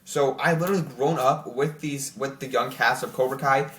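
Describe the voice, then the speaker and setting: A young man chatting casually to camera as host, excited and rambling with lots of filler words. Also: medium pitch, normal speed. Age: young adult. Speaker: channel host ranking TV shows. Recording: roomy echo.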